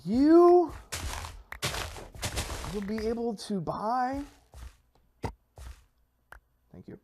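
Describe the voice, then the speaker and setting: His voice swings dramatically in pitch as he takes his time, with noisy surroundings behind him. This Minecraft creator and server player gives playful, self-mocking commentary, selling his plans in mock-pitch fashion and restarting as he rambles.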